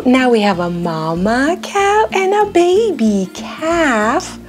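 A woman hosting a toddler learning video, speaking in a slow, clear, sing-song way with exaggerated expression. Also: high-pitched, very animated, soft background music. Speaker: children's video host. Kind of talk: toddler learning video with songs and pretend play.

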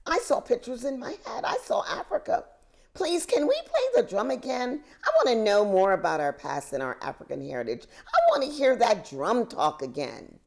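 A woman's voice: on the high side, normal speed, creaky, pitched above the performer's own voice, exaggerated voice. A woman voicing an eager, curious little boy in a storybook read-aloud. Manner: excited, pleading.

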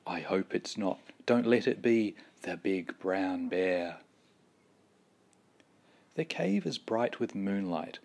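A man reading a children's picture book aloud in a slow, deliberate, expressive storytelling manner. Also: medium pitch, breathy edge. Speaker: storybook reader.

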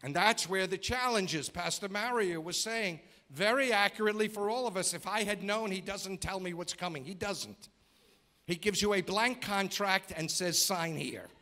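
A man preaches a sermon in a church, his voice sitting a little higher than most men's. He drives his points home by repeating phrases in rhythmic lists and keeps turning to the congregation with questions. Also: normal speed, bright, forceful tone. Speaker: guest preacher. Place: church sanctuary.

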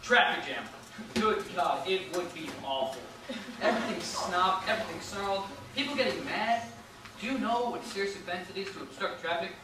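A young man's high, expressive voice plays a jittery city policeman in a school play, blustering and rambling in a flustered mood at normal speed. It's recorded from a distance on an echoey stage, against a noisy background.

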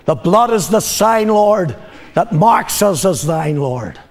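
An older man preaching a sermon as a pastor, telling a story, moving between loud declarations and low, confiding passages. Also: expressive, slow pace. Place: church. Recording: long reverb of a church hall.

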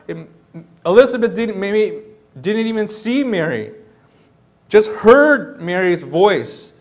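A pastor preaching a sermon in an animated, conversational way, often repeating words and acting out the people he describes. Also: high-pitched. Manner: animated, repeats words, acts out quoted voices.

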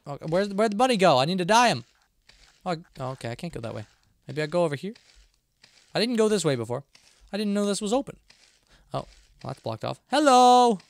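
Male streamer, high and very animated, playful and jokey, banters with the game's characters. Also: brisk, creaky, pauses often, dry recording. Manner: playful, jokey, talking back to game characters; rambling self-talk with frequent restarts. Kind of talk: live gameplay commentary.

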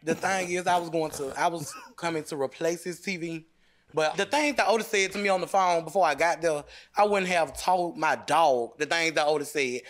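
A man with a high voice argues his side on a livestream mock courtroom show. He is defensive and insistent, and he keeps circling back to the same points. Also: moderate pace, a bit bright, slight background noise. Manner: insistent, defensive, repeating himself. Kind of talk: heated livestream argument.

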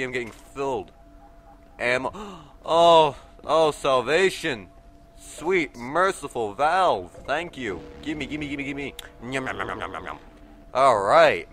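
Teen gamer, nasal from allergies, bright and jumpy, yelps on surprises. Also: male voice. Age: teens. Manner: excitable, yelps and shouts in sudden pitch jumps. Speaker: let's play gamer. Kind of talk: casual gameplay commentary. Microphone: desk mic resting on a table.

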